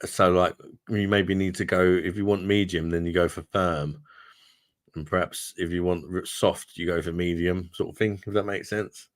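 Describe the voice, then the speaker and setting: Deep-voiced chatty man. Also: fairly even intonation, moderate pace, no echo, clean studio sound. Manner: chatty, rambling, laughs often. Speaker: beer review channel host. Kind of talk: casual live-stream chat with viewers.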